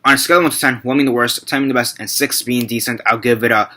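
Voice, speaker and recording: Young man, casual movie review vlog, rambling, self-correcting, bright forward voice. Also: mid-range voice, fairly even intonation, quick pace.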